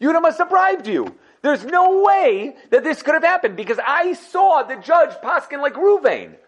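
A man's voice: very high-pitched, very animated, moderate pace, voice pushed up. A man voicing an indignant man who lost his lawsuit, outraged and disbelieving.

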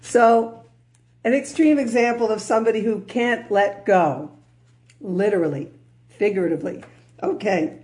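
A woman's voice: mid-range voice, normal speed, a little mellow. A woman teaching a religious lecture in a conversational tone, with humorous asides and frequent check-ins with her listeners.

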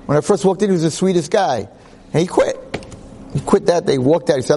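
A man's voice: fairly high pitch, fairly quick, a little hiss or hum. A man lecturing who tells a personal story conversationally and acts out the people in it. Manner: animated, acts out voices, conversational.

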